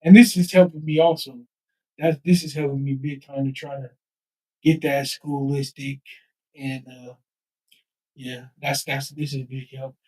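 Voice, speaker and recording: A man's voice: mid-range voice, level tone, a little slow, long pauses, dark tone, husky, low-quality recording. A man who sells a street paper, chatting in an interview with lots of repeated words. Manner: rambling, repeats words, raps and beatboxes. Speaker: street paper vendor and rapper. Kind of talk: casual interview chat. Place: live event at a nonprofit office.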